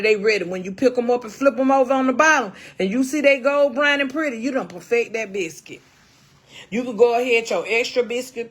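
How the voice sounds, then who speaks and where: A middle-aged woman hosting a casual cooking livestream, folksy and salty, calling her viewers baby and honey. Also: a little high.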